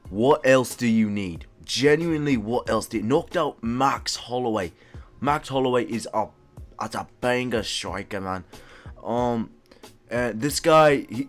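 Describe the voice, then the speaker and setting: A man's voice: medium pitch, lightly acted. A man putting on an accent as a hyped young male MMA fan who draws out his words and keeps saying "bro". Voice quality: put-on accent, drawn-out words. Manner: excited, repeats "bro" and "man". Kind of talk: impression of another channel's host.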